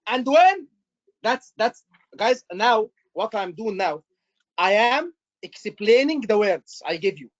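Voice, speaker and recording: Man, exam tutor, animated, repetitive, muffled lo-fi recording. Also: high voice, takes it slowly. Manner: animated, repetitive, acts out doctor lines. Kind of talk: live teaching session.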